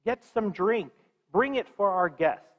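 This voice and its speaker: A man voicing an old male patriarch who warmly welcomes guests into his tent. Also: high voice, lively intonation, unhurried, big-room sound. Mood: welcoming.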